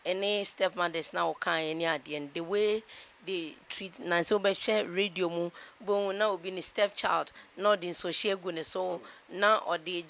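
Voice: medium pitch, vocal fry, pushed and bright. An interviewer with a Ghanaian accent asking questions hesitantly, with fillers, mixing English and Twi.

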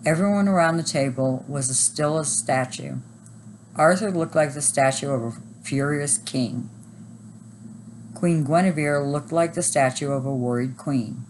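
A woman teacher reading a chapter book aloud at a steady, even pace. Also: sits low, a little slow, a little hiss or hum, poor audio.

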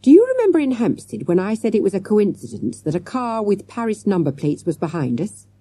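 A woman reading an audiobook, voicing an eager, clever schoolboy sleuth in a quick, excited boyish way. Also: medium pitch, slightly rough, no echo, pitched above the performer's own voice, exaggerated voice. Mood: puzzling.

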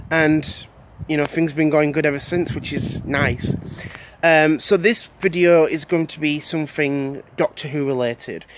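Young male vlogger, a bit high-pitched, loose rambling delivery full of fillers. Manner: rambling, many fillers and repeated words. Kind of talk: casual video commentary.

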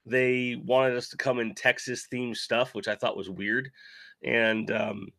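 A middle-aged man, still sick after covid, chats loosely through a toy live stream. His voice is gravelly and bright-edged, and it sits close and dry on the mic. He rambles and pokes fun at himself as he answers chat. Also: mid-range voice, flat delivery, measured pace, no room sound. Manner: rambling, self-deprecating, reads chat aloud. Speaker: toy channel host.

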